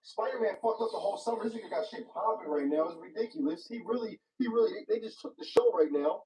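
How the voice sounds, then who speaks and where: Casual guy chiming in on a movie, high mellow voice with grit, echoey room, distant mic. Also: expressive, fast talker.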